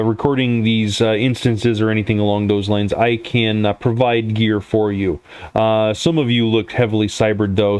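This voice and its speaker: A man's voice: fairly low pitch, a little mellow, clear, resonant tone, dry recording. A man narrating a tabletop role-playing game as game master, in a loose way with frequent fillers. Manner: loose, many fillers and restarts, laughs easily.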